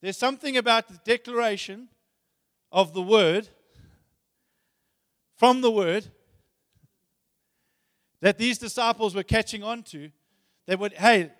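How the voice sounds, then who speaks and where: A man's voice: sits high, a bit bright, studio quality. A man preaching a sermon, retelling scripture casually in everyday words and reading passages aloud with rising force. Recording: long hall reverb.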